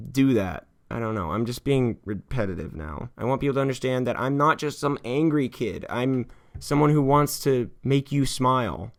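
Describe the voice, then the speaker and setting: Young man, californian, confessional vlog, rambling, cursing, mid-pitched voice. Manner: rambling and heartfelt, swears often, swings between hushed and heated. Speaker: YouTuber.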